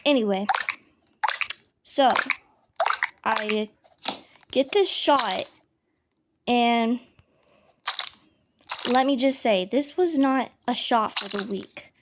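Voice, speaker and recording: A young woman with a high voice tells a storytime tale in a loose, rambling way, piling on slang and fillers. Steady clicking from a mouse and keyboard runs under her voice. The recording is noisy. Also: drawn-out words, pauses often. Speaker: storytime vlogger. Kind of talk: casual storytelling over gameplay. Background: game mouse and keyboard clicks.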